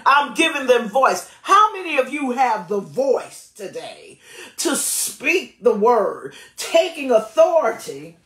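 A woman's voice: a little high, slow, reverberant. Laughing woman pastor preaching. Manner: lively, laughing often, emphatic preaching. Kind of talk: sermon and prayer.

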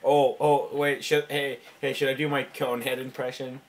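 A man's voice: medium pitch, moderate pace. A man hosting a gameplay video, chatting casually and teasing a friend. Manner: excitable, giggly, teasing.

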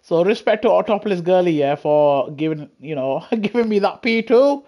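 This high, expressive male voice has a dark tone and moves at a normal speed. He's live-streaming a sim racing game from his home rig, offering cheeky, laughing banter into a gaming headset as he plays.

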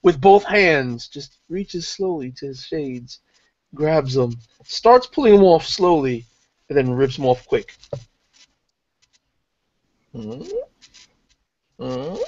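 Tabletop player, man, slightly raised pitch, unhurried, dull lo-fi audio from a distant mic. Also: animated. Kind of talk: in-character tabletop play.

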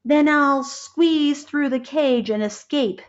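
A woman voicing a small boy who is shy at first but quick with playful ideas, in a storybook reading. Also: sits high, highs cut off, pitched above the performer's own voice. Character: timid but inventive young boy.

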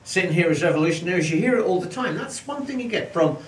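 A man co-hosting a casual political chat, rambling and ironic with many pauses. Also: high-pitched, lively intonation. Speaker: podcast co-host. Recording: echoey room, distant mic.

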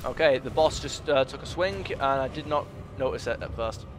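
Young guy narrating his game, talks to the monsters, mid pitch, bit of hiss behind. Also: moderate pace. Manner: chatty, talks to enemies, muttering asides. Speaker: gaming YouTuber. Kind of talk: let's play commentary.

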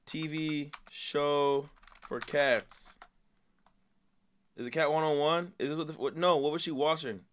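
A man's voice: fairly high pitch, measured pace, long pauses, fairly bright tone, slight background noise. A man hosting a reaction video, talking in a casual, profane and rambling way full of slang.

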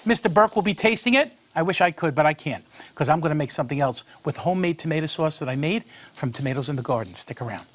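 A man's voice: a little high, animated, fast, noisy background. A man hosting a cooking show, chatting folksily while he cooks. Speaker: cooking show host, a monsignor.

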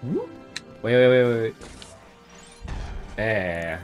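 A man's voice: on the low side, very slow, highs cut off, soft background music. A young man joking and swearing casually while playing a co-op game with a friend. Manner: joking, laughs often, swears. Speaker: co-op game player. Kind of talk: casual gaming chat.

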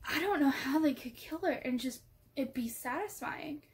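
A woman book vlogger chatting casually and gushing excitedly, often trailing off into soft asides. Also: sits high, moderate pace. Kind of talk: casual chat.

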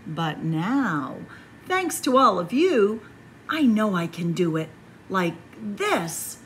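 A woman voicing a young male bird, earnest and proud, reading his lines in an insistent, lively storybook voice. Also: medium pitch, slow, slight background noise. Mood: confident.

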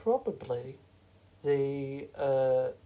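A fan performer voicing a shy, polite evicted woman housemate in a fan-made reality show, talking softly and hesitantly. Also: mid-range voice, lively intonation, very slow, low-quality recording.

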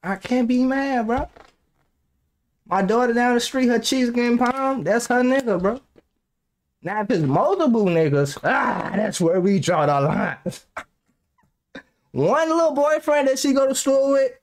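A young man with an extremely high voice hosts a reaction video, speaking a little slowly and pausing often. He's animated, curses plenty, laughs a lot, and tells rambling anecdotes.

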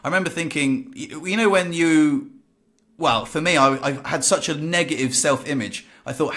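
A man hosting a casual podcast, a frank and lively storyteller who laughs at himself. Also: a little high, normal speed. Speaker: podcast host.

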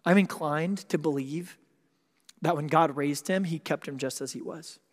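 A male pastor giving a sermon in an animated, conversational way, mixing jokes and quick asides with earnest passages. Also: on the high side. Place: church sanctuary. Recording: long hall reverb.

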